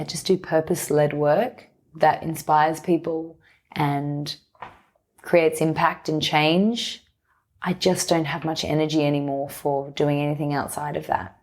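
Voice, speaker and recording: A woman speaks as a podcast guest, her voice sitting low. She talks candidly and reflectively, letting her thoughts run on in long, unhurried stretches. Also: darkish tone. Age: 30s. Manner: open, reflective, speaks in long flowing runs. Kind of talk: candid conversational interview.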